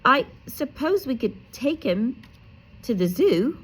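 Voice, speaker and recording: A woman voicing a fussy, snappish middle-aged aunt in a shrill, sharp voice, reading a storybook aloud. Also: big pitch swings, takes it slowly, breathy edge, heavily acted.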